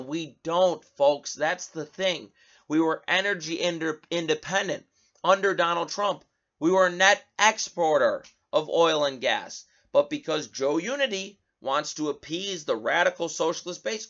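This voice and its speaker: A man's voice: on the high side, muffled recording. A man hosting a political talk show, giving heated commentary and reading news headlines aloud. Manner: animated, indignant, reads headlines aloud.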